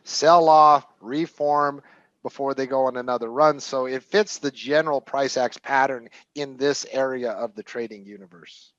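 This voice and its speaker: A man's voice: mid-range voice, fairly even intonation, normal speed, a bit bright, dry recording, muffled recording. A man co-hosting a trading show as a coach, confident but stammering and repeating words as he talks about stocks. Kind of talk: casual market chat.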